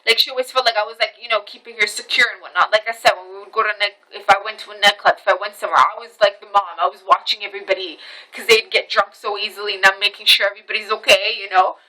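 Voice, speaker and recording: A woman's voice: mid-range voice, fairly even intonation, quick pace, a crowd in the background, poor audio. A woman recording a casual storytelling vlog on her camera phone, recounting events animatedly with many restarts, repetitions and swearing. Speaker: vlogger.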